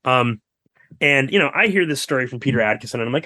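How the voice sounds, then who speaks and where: A man's voice: medium pitch, dry recording, studio quality. A man, a guest author, telling history stories in a casual podcast interview, full of asides and fillers. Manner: storytelling, animated, quick asides and fillers.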